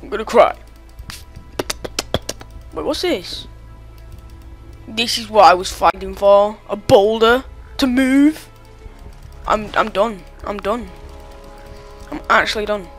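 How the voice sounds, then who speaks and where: A gamer giving let's-play commentary, excitable and quickly exasperated, talking back to the game as they play. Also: medium pitch, faint music behind. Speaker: gamer playing through a game.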